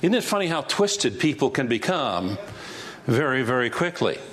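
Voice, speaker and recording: A man's voice: mid-range voice, very animated, moderate pace, a bit bright. A male pastor teaching through Bible passages verse by verse, conversational and asking rhetorical questions.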